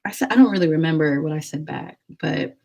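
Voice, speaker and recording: A woman's voice: low voice, expressive, a little fast, warm tone, low-quality recording. A young woman vlogger telling a dating story in a chatty, rambling way, full of "like". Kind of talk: casual storytelling.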